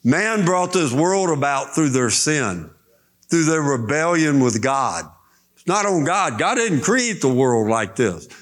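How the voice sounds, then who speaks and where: A man preaching a sermon, explaining scripture slowly and deliberately and reading verses aloud. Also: on the high side, very animated, fairly bright tone.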